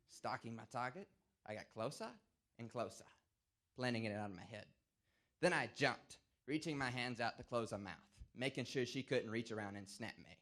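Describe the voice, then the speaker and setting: A man giving a prepared campaign speech as a 4-H council candidate, with dramatic, animated storytelling. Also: medium pitch, moderate pace.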